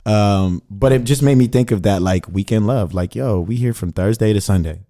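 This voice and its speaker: A man's voice: on the low side, moderate pace, warm tone. A man chatting as a guest on a radio show, playful and laid-back, full of slang and jokes. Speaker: musician guest. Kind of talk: casual radio interview chat. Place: radio studio.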